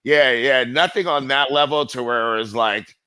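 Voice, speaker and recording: A middle-aged man with a bright, forceful voice, spinning loose stories as an interview guest. He rambles, swears freely and leans on fillers, in a dry, close recording. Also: medium pitch, normal speed, clear, resonant tone, no echo. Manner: rambling, profane, heavy with fillers. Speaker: guest skateboarder. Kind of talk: casual storytelling interview.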